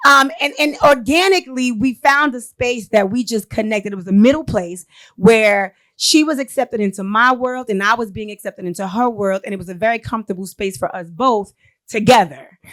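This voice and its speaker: Woman guest, higher register, animated storyteller who acts out quotes. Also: normal speed. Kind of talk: casual chat.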